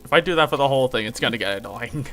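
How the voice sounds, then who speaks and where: Man, stream host, reading aloud, lively pitch, joking asides. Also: rapid-fire, low-quality recording.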